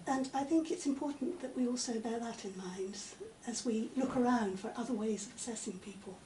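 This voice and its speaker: The speaker is a woman literature professor answering interview questions in a chatty setting, her high voice warm in tone. She is careful and articulate, pausing often with "um," and the recording sounds roomy, with a far-off mic and slight noise.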